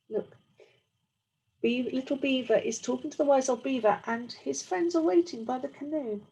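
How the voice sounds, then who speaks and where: A woman teacher reading a picture book aloud to young children, slow and expressive, with friendly asides. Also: on the high side, husky, low-quality recording. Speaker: early years teacher.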